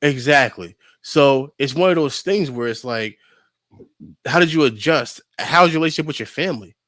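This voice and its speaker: A young man on a podcast, casually telling a lively story and acting out his friends' lines, with lots of filler words. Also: medium pitch, normal speed, dry recording, studio quality. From New York. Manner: animated storyteller, acts out friends' voices, lots of "like". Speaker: podcast co-host.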